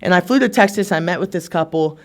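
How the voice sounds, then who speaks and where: A young man with a slightly higher-than-usual voice tells his story to a live recovery meeting. He talks casually and leans on fillers. He jokes at his own expense and slips into other people's voices when he recounts what they said. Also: fast, fairly bright tone. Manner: casual and chatty, many fillers like "like" and "right?"; acts out remembered conversations with shifts in tone. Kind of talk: personal testimony told to a live audience.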